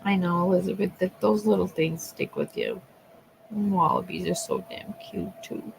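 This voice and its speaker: A woman's voice: lowish voice, huge pitch swings, normal speed, gravelly, a little hiss or hum, poor audio. A woman chatting casually with her livestream viewers. She talks loosely, swears freely and laughs often. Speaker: livestream host. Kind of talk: casual chat with live viewers.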